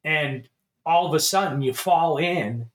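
A middle-aged man co-hosting a casual show, telling a long story in an animated way, swearing and laughing as he goes. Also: a little high, a little slow, slight background noise. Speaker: podcast co-host.

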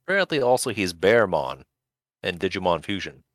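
A man's voice: sits low, sing-song, brisk, fairly bright tone, no room sound. A man co-hosting a casual podcast, making dry, wry remarks. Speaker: podcast co-host. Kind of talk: casual chat.

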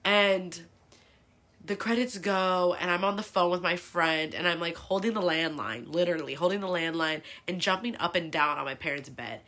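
This woman's voice is on the low side and fairly bright, moving at an ordinary pace. In her twenties and hailing from El Sobrante, California, she hosts a podcast where she shares personal stories casually and confessionally, with plenty of profanity, fillers, chatter, and oversharing.

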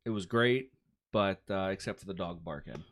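A man's voice: sits low, expressive, moderate pace. A man co-hosting a podcast in casual chat, laid-back and jokey, swearing freely as he tells stories. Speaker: podcast co-host.

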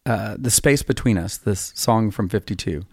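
A man's voice: on the low side, normal speed, creaky, breathy edge, no room sound, studio quality. A man in his fifties, a songwriter hosting a podcast, telling long rambling stories in a casual, self-deprecating way. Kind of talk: casual storytelling chat.

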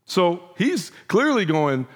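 A man's voice: high-pitched, big pitch swings, slow pace. A man preaching a sermon in a conversational way, acting out the voices of the people he quotes. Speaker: pastor.

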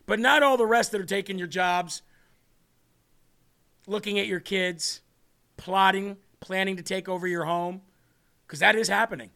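A man's voice: high voice, normal speed, vocal fry, pauses often, sharp tone. A man hosting a political talk show, rambling and sarcastic as he speaks to the audience. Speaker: show host.

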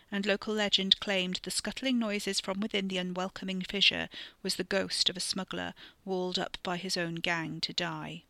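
Bright, dry-voiced horror story narrator. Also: mid-range voice, gravelly, no echo. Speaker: podcast storyteller.

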